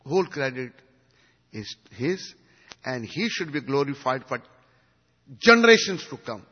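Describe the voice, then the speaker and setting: Husky man giving a devotional lecture. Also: mid-range voice, very animated, unhurried. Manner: swings from hushed to emphatic, asks the audience questions. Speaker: spiritual teacher. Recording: dull recording in a reverberant hall.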